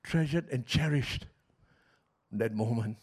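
A middle-aged man preaching a sermon as pastor, telling stories passionately and swinging from loud outbursts to hushed, quiet lines. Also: mid-range voice, slow pace, slightly rough.

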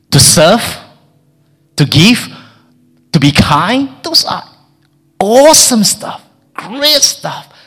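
A man preaching a sermon in a lively way. He often stammers and repeats words, and he acts out the people in the story. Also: a little high, slightly rough.

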